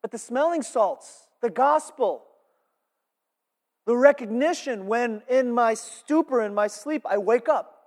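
A male pastor preaching a sermon, animated, swinging between loud emphasis and hushed asides. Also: extremely high pitch, measured pace. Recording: reverberant church hall.

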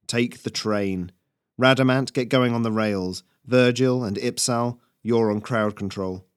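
A man voicing a ruthless male squirrel rebel leader, slow, snarling and commanding. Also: mid-range voice, smooth, dry recording, studio quality, natural voice.

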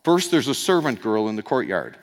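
A man's voice: mid-range voice, very animated, a little fast. A male pastor preaching a sermon, telling the story in a conversational way with asides and acting out the quoted lines. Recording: long hall reverb.

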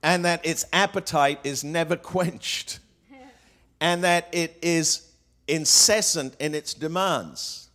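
A man's voice: fairly high pitch, slow, fairly bright tone. A man preaching a sermon to a congregation, asking rhetorical questions and weaving in quotes, with frequent fillers and restarts. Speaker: pastor.

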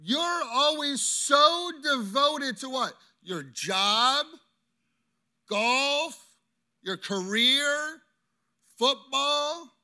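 A man putting on a hurt wife who accuses her husband in a sermon illustration. Her lines come slow and drawn out, pitched well above the pastor's own voice, with a sharp, bright edge. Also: expressive, full character voice. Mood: accusing.

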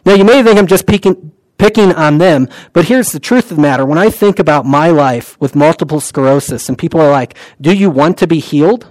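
A man preaching in a loose, conversational style, often pausing on fillers and dropping to a hushed voice for recited prayers. His voice sits a little higher than most men's and is recorded close and dry, with no room sound. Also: no echo, rough recording. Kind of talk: sermon.

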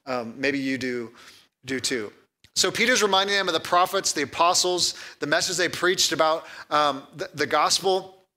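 Man, pastor, sermon, bright voice, slightly high pitch, conversational, animated. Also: moderate pace. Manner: conversational, animated preaching with repeated words and humor.

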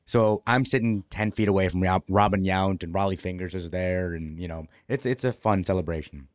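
A man co-hosting a podcast, telling a baseball story in a lively, casual way and slipping into the voices of people he quotes. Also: low voice, a little fast, dry recording, studio quality. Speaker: podcast co-host.

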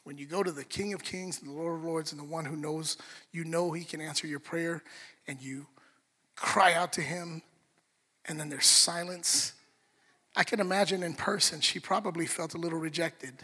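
A man preaching a sermon, animated, acting out the story in different voices. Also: a little high, normal speed, slightly rough. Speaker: pastor. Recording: long reverb of a large hall.

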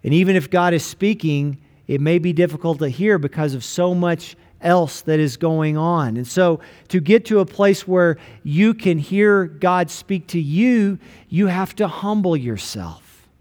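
A pastor delivering a sermon in a fairly high male voice. He preaches with emphasis, drawing out his most important lines. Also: a little slow, a little mellow.

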